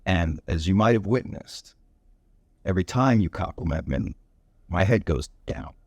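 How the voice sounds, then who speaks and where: Deep-voiced earnest man. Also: lively intonation, a little mellow, breathy edge, dry recording. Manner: earnest, thoughtful, halting. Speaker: panelist actor. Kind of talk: earnest reflective panel talk.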